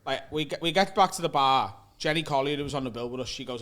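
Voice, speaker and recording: A man with a Liverpool accent telling a sweary, animated story in a casual chat. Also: medium pitch, quick pace. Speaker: comedian guest. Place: indoor green room.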